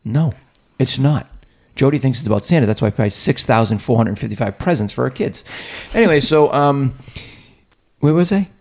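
A man's voice: mid-range voice, vocal fry. A man, hosting a podcast and telling a rambling story, acting out what people said. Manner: rambling storyteller, quick and animated, acts out quotes. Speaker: podcast host. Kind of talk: casual chat.

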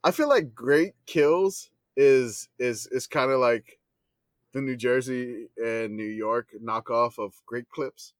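A man's voice: medium pitch, slow pace, no echo. A man co-hosting a casual comedy podcast, rambling with restarts and laughing often. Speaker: podcast co-host.

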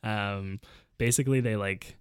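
A man, co-hosting a podcast and telling a story in casual, animated chat. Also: fairly low pitch, measured pace, clean tone, dry recording, clean studio sound. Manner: storytelling, animated when quoting. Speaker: podcast co-host.

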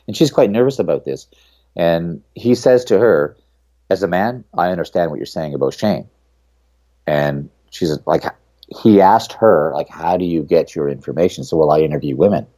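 A middle-aged man with a deep, mellow voice speaks as an author being interviewed. His manner is earnest and reflective, taking his time over personal stories. The tone stays low and relaxed throughout. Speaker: author and guest. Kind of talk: podcast interview.

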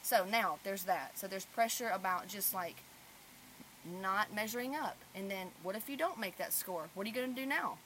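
A woman, a mother hosting a casual podcast chat and telling stories with lively swings in loudness. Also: medium pitch, normal speed, a little hiss or hum. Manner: animated storyteller, swings loud when telling stories.

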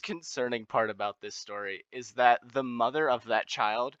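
A man's voice: medium pitch, moderate pace, hardly any pauses, a bit bright, clean tone, dry recording. A man in his late teens casually telling a story as a podcast co-host, often laughing as he goes.

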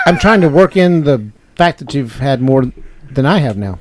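A man co-hosting a comedy podcast in casual banter, wisecracking and laughing often. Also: mid-range voice. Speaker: podcast co-host. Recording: noisy background.

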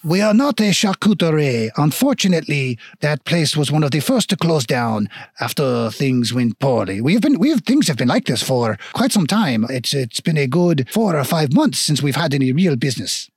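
A man's voice: fairly high pitch, lively intonation, normal speed, husky, no echo, clean studio sound. A man voicing a stout, fussy male dwarf innkeeper with an exaggerated fake French accent, polite and flowery. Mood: grateful.

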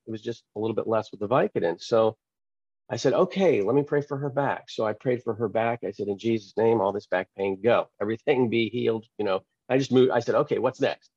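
A man, a pastor and author, telling a testimony in an interview, acting out the quoted dialogue with lively changes of voice. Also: mid-range voice, breathy edge, no echo, highs cut off. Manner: animated, acts out quoted dialogue.

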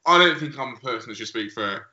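A man's voice: mid-range voice, animated, fast talker, pushed and bright. A man co-hosting a casual podcast, laid-back, often stumbling and repeating his words. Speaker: podcast co-host. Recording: dull lo-fi sound in an echoey room.

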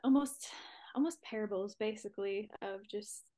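A young woman speaking earnestly on a church podcast, halting, with many fillers and breathy near-whispers. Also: medium pitch, warm tone. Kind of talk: casual faith talk.

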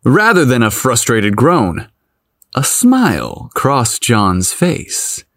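A man narrating a story aloud in a playful, expressive manner. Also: medium pitch, takes it slowly, no echo, clean studio sound. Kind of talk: audiobook narration.

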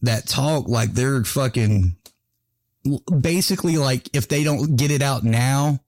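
A man's voice: mid-range voice, unhurried, a little mellow, no room sound. A man hosting a casual podcast chat. He laughs often, swears freely and tells stories with lots of animation. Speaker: podcast host.

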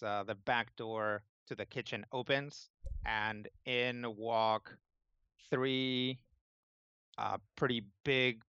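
A man running a tabletop game, narrating scenes casually with lots of fillers. His voice is bright and crisp, and the dry recording sounds slightly muffled. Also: mid-range voice, no room sound. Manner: rambling, full of fillers. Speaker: game master.

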